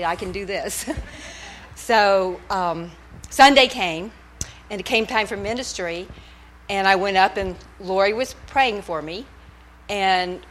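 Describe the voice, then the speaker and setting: Speaking into a handheld microphone, a middle-aged church member shares a nervous testimony at a service. She's a chatty storyteller who laughs frequently, and her mid-range voice has a fairly bright tone.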